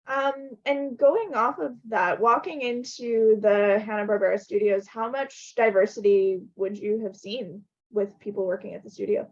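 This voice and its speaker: A woman interviewer poses a question slowly and deliberately. Her voice comes through muffled and lo-fi, with the top end rolled off. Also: medium pitch, steady tone, darkish tone. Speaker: interviewer, panel host. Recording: dull, lo-fi sound.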